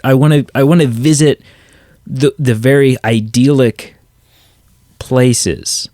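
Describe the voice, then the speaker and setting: A man's voice: medium pitch, slow, warm tone, no echo, studio quality. A man co-hosting a movie podcast, chatting casually with lots of restarts and fillers. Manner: rambling, many restarts and fillers. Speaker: podcast co-host. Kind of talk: casual chat.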